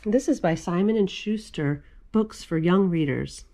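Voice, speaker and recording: A woman hosting a library storytime, reading picture books aloud to young children in an animated, sing-song way. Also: on the low side, measured pace, noisy background.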